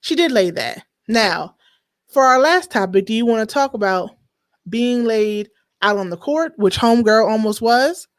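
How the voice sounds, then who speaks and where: A woman hosting a podcast, chatting casually with lively, emphatic slang. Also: a little high, moderate pace. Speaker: podcast host. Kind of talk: casual chat.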